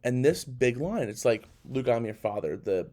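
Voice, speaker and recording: A young man hosting a casual solo podcast, talking in an animated, incredulous way with rambling restarts. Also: mid-range voice, moderate pace. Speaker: podcast host.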